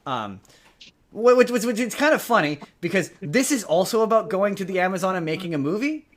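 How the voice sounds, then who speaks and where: A man's voice: sits high, lively intonation, a little fast. A man co-hosting a podcast, talking casually in a rambling way with many restarts. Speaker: podcast co-host. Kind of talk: casual chat.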